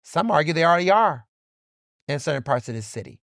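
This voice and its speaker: A man's voice: a little high, big pitch swings, fairly quick, a bit bright, dry recording, studio quality. A man hosting his own podcast, giving fired-up commentary with emphatic repetition, swearing and many "like" fillers. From Philadelphia. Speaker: podcast host. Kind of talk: impassioned solo commentary.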